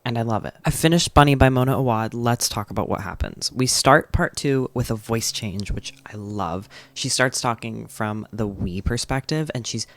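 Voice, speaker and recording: A man's voice: mid-range voice, moderate pace, hardly any pauses, dry recording. A man casually summarizing and reviewing novels for his book vlog, chatty and enthusiastic, with plenty of "like" fillers. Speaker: book vlogger.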